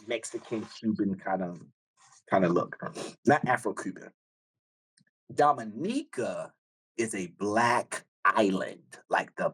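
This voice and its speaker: A man's voice: lowish voice, a bit bright, slightly rough. A man from the United States, a podcast guest chatting casually and emphatically, stacking repeated phrases and checking in with "right?". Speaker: podcast guest, speaker on emotional intelligence.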